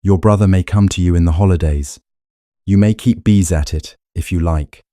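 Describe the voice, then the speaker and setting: A guarded, grief-haunted earl, as a male narrator plays him, stating facts in a clipped, level way. His voice is deep and warm. The room sounds dry. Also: normal speed, no room sound, natural voice. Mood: flat. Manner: clipped, flat, matter-of-fact. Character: grieving earl, a guarded, haunted older husband.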